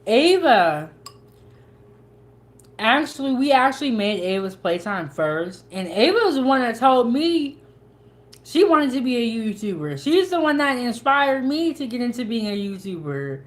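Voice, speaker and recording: A woman's voice: on the high side, sing-song, unhurried. A young woman, hosting a cooking channel in casual, folksy chat as she eats. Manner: chatty, folksy, with dialect grammar. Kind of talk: casual chat while eating.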